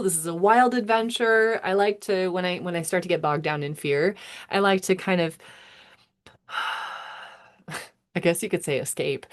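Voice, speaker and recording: Meandering woman astrologer, lowish voice. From United States. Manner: meandering, self-interrupting, chuckling. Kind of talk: casual musing monologue.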